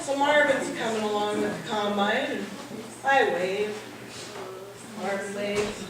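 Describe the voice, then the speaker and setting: A middle-aged woman telling a funny farm story live at a party, acting out the men's shouting. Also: measured pace, a loud crowd. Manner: animated, acts out the men's shouting in a higher voice. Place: hall at a holiday party. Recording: echoey hall, mic at a distance, audience noise.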